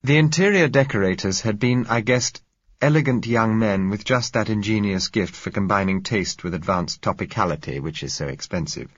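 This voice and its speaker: A man reading a novel aloud as narrator, in a measured, dryly wry manner. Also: on the low side, no room sound, muffled recording. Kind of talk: audiobook narration.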